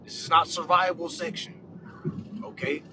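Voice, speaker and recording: A man ranting to his followers with profane comedy, swinging between shouting and low muttering. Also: little pitch movement, normal speed, background noise. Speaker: social media commentator. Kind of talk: profane comedic rant to camera.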